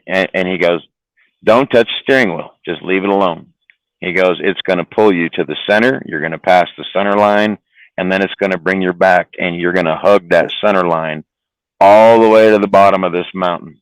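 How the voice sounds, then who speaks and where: Gruff-sounding low male trucker, swears freely, dry close sound. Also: no room sound, low-quality recording. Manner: rambling, profane, repeats words. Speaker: trucker guest. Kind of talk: casual storytelling on a live stream.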